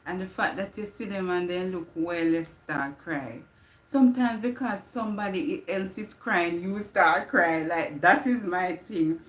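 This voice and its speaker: A woman's voice: medium pitch, reverberant. A woman hosting a livestream, chatting reflectively, slipping into patois and laughing often. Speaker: livestream host. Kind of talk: casual inspirational chat.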